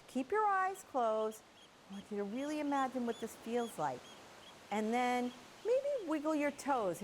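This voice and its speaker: A middle-aged woman teaching kids' yoga, leading a guided beach visualization with slow, soothing instructions. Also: fairly high pitch, slight background noise. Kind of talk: guided relaxation for children. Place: indoors at home on a yoga mat.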